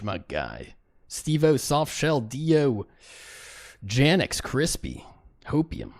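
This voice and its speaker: A man's voice: mid-range voice, huge pitch swings, slow pace, pauses often. A man hosting a live stream, chatting casually and greeting viewers in chat by name. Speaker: livestream host. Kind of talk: casual livestream commentary.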